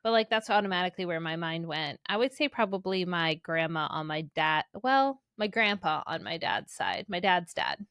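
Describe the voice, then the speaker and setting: A woman in her forties from Indiana, co-hosting a podcast and telling a family story in an animated way, laughing often. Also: lowish voice, moderate pace, few pauses, no room sound, clean studio sound. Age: 40s. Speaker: podcast co-host. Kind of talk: casual chat.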